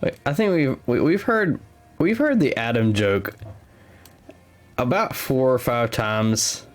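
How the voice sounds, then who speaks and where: A man's voice: mid-range voice, expressive, slow, soft background music. A man co-hosting a live tabletop game stream, chatting casually and laughing easily. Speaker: stream co-host and commentator.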